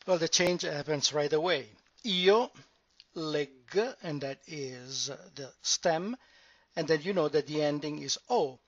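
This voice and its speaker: Slow, deliberate male language teacher. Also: fairly high pitch, no room sound. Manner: slow, deliberate explanation with drawn-out example words. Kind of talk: grammar lesson at a board. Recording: dull, dry lo-fi sound.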